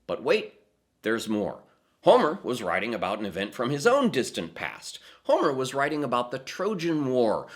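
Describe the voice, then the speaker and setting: Male presenter, mid-pitched voice with a lot of melodic movement, measured and emphatic, reading a prepared talk. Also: fairly bright tone. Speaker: theatre presenter. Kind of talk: scripted explanatory narration.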